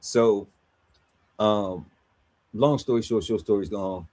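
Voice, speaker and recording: A man's voice: fairly low pitch, takes it slowly, a little mellow. A man on a podcast panel telling a story in casual, slangy chat, laughing often and acting out quotes.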